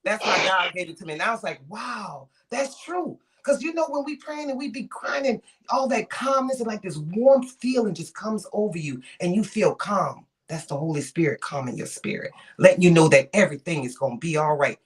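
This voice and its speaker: A woman guest giving preaching-style spiritual encouragement, emphatic and repetitive, moving between hushed and loud delivery. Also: lowish voice, lively intonation, brisk, few pauses.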